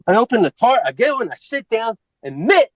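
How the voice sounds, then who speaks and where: A man telling a true story on a podcast, animated and acting out the people in it. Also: extremely high pitch, brisk, no room sound, poor audio. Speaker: podcast co-host. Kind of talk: casual storytelling.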